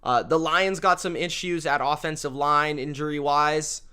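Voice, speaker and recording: Excitable high-voiced man making sports picks. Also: normal speed, clear, resonant tone. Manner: excitable, repeats himself for emphasis. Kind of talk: casual sports prediction talk.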